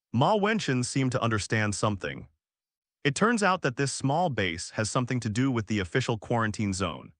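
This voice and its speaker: A man narrating a translated web novel as an audiobook in a lively storytelling way. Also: medium pitch, no echo, clean studio sound.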